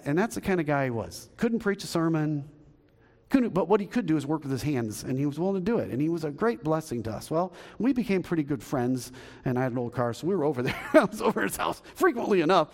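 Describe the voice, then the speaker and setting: A man's voice: fairly high pitch, darkish tone, in a large hall. A male pastor telling a story in a sermon and then leading a closing prayer, acting out the voices he quotes. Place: church sanctuary.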